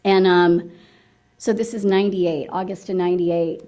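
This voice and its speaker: A woman's voice: fairly low pitch, steady tone, moderate pace, dark tone. Frank woman telling her recovery story. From United States. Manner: frank, self-mocking storytelling with rhetorical "right?" asides. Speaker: AA speaker sharing her story. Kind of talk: candid personal testimony.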